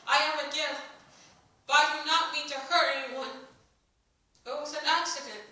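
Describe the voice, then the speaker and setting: Woman doing scared young heroine, pleading, formal, bright voice, far from the mic in a roomy space. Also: high-pitched, steady tone, moderate pace, pitched above the performer's own voice. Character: frightened young woman with a gift.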